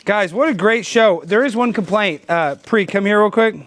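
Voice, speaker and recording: A male podcast host with an excitable, jokey manner who breaks into shouts and laughs, talking in a studio. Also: high-pitched, normal speed, hardly any pauses. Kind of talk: loud comedic podcast banter.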